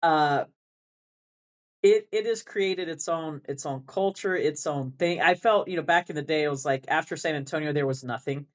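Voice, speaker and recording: Deep-voiced and speaking at normal speed, a woman band director with a South Texas Rio Grande Valley accent chats as an interview guest. The conversation is casual, and she laughs often while rambling and restarting frequently.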